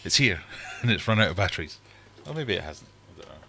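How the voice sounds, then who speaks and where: A man's voice: sits low, sing-song, quick pace, vocal fry, bright, forceful tone. A man hosting a casual livestream from his fish room, chatting in a rambling, self-deprecating way. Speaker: livestream host and fishkeeper.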